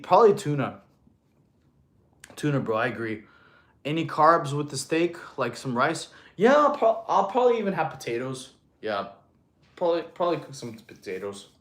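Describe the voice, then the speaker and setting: A fitness coach, a man, chatting casually on a live stream, reading viewers' comments aloud, joking, laughing often and calling people bro. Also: mid-range voice. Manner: counts out push-ups between answers.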